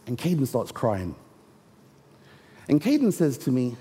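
A man preaching a sermon, telling a story and slowing down to stress key words. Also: mid-range voice, huge pitch swings, mellow. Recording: long reverb of a large hall.

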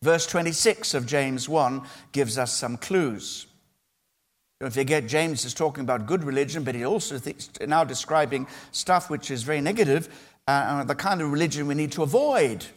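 A male pastor preaches a sermon to his congregation in a voice slightly higher than the typical man's. He is earnest and emphatic, stressing key phrases and leaving measured pauses between them.

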